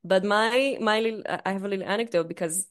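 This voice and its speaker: A woman's voice: mid-range voice, fast talker. A young woman co-hosting a podcast, telling stories in casual chat, swearing freely and laughing often. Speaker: podcast co-host.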